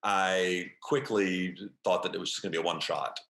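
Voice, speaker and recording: A man and longtime drag performer giving an animated, explanatory interview. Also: low-pitched, normal speed. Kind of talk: documentary interview. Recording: roomy echo.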